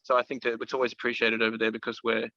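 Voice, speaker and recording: Australian male musician guest, casual, bright tone, dull dry call audio. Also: mid-range voice, completely flat delivery, racing, no echo. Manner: laid-back, swears casually, rambling with ums. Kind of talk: casual interview chat. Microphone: video call.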